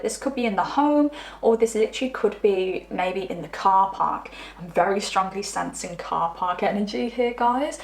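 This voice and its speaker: A woman giving a rambling, chatty pick-a-card tarot reading, sometimes tripping over her words. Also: medium pitch. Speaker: tarot reader. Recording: roomy echo.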